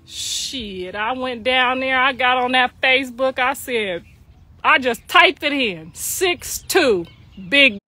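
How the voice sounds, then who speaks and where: A middle-aged mother telling a long family story in a casual, laughing way, slipping in quick acted-out voices. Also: sits high, no echo. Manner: animated, laughing, slangy, acts out voices.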